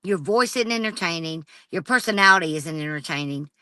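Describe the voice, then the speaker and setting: A woman's voice: fairly low pitch, animated, fairly quick, bright, forceful tone, no room sound. A woman livestreaming an angry, profane rant straight at a rival. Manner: profane and confrontational, addressing a rival directly.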